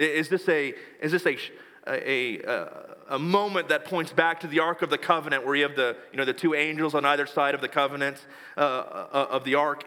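Man, pastor, sermon, bright tone, long church reverb, hushed storytelling passages. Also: a little high. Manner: storytelling preacher, retells scripture scenes in a hushed voice.

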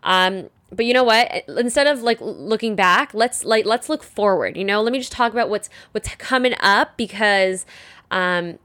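A woman's voice: medium pitch, normal speed, a bit bright. Rambling young woman podcast host. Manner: rambling, lots of "like" and "um" fillers. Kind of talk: casual solo podcast chat.

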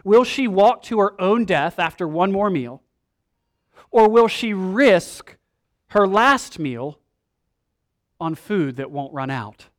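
Male pastor with a higher-pitched voice, animated sermon delivery, slangy retelling of scripture. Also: slow pace, pauses often.

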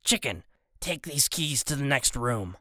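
A man voicing a menacing male gang leader in an audiobook, speaking slowly and coldly as he gives orders. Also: mid-range voice, animated, bright, forceful tone, dry recording, clean studio sound. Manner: slow, cold and commanding. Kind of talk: audiobook character voice.

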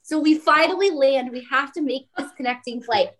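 Woman telling a lively story. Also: sits high, a little fast, rough recording. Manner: animated, acts out quoted voices. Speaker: guest. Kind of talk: casual storytelling.

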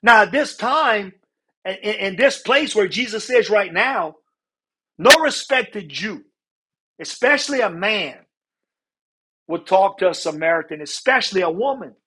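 High-voiced man preaching with a husky voice. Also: animated, unhurried, long pauses, pushed and bright. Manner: earnest, repeats words, asks "right?" often. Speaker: pastor. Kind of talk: sermon.

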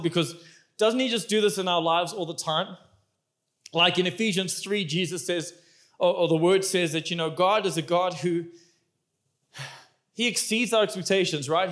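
A man preaching a sermon as pastor, animated and emphatic, chatting with the congregation. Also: high voice.

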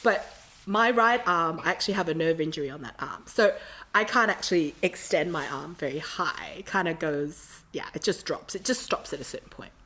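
A woman's voice: low voice, normal speed, sharp tone. A woman from Australia, telling a long rambling story in casual chat with lots of fillers.

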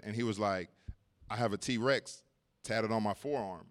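A man's voice: on the low side, normal speed. A man preaching at a church service, telling a personal story in a casual way, laughing often and repeating words as he goes.

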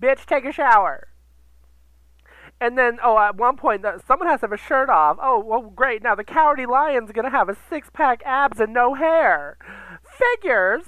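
A man's voice: extremely high pitch, expressive, normal speed, bright, forceful tone, clear, resonant tone, no room sound, voice pushed up, full character voice, rough recording. A man doing a campy, dramatic drag queen persona who hosts a podcast and rants theatrically into a computer sound recorder. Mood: outraged. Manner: theatrical, gasping, swearing, camp. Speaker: podcast host. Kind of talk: ranting podcast monologue.

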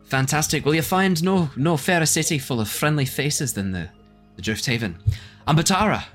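A hearty, folksy half-orc sailor woman greets travelers at the docks, as a man puts her on. Her voice sits well above a deep natural register and stays brisk and friendly, with faint music underneath. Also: expressive, fairly bright tone. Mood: welcoming. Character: tall cheerful female half-orc sailor.

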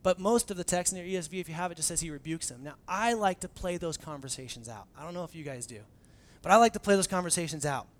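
A young adult man preaching a sermon as pastor in a conversational, animated way, acting out the dialogue he quotes. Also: a little high, quick pace, hardly any pauses.

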